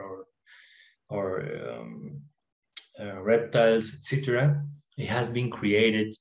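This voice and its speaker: A man explaining ideas about the mind in his apartment, in a halting way with many fillers and restarts. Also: on the low side, a little mellow, reverberant, rough recording. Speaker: self-help video presenter. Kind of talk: informal talk to camera, reading a text aloud. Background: dog barking, fireworks and freeway traffic outside.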